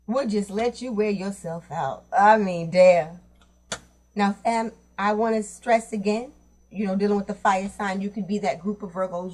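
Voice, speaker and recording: A woman's voice: medium pitch, darkish tone. A woman giving a casual tarot reading to her viewers, talking bluntly in streetwise slang and cursing freely. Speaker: tarot reader.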